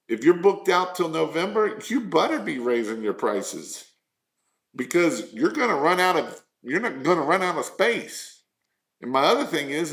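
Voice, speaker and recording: Slow-talking earnest male business coach. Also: fairly high pitch, a bit bright. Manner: earnest, repetitive, rhetorical questions. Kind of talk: live coaching talk to small business owners.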